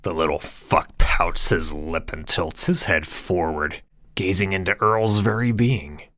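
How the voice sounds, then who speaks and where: A man's voice: sits low, unhurried, sharp tone, dry recording, studio quality. A man narrating an audiobook in a crude, sardonic way. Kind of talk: scripted narration.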